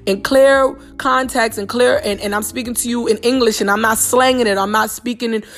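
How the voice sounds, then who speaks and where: A woman's voice: on the high side, fairly even intonation, a little fast, soft background music. A young woman with a New York accent hosting a podcast, bluntly retelling a personal story in a casual, profane monologue full of slang. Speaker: podcast host.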